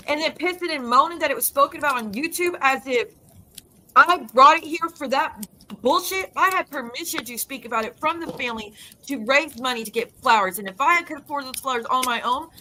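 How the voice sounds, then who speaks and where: A middle-aged woman vlogger delivers an angry, profane rant to her audience, her voice bright and forceful and pitched slightly high. She keeps breaking off and restarting her sentences as she pushes through. A faint background hiss sits under the recording. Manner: heated, profane, rapid restarts and self-interruptions. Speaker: YouTube creator. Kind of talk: ranting monologue to viewers.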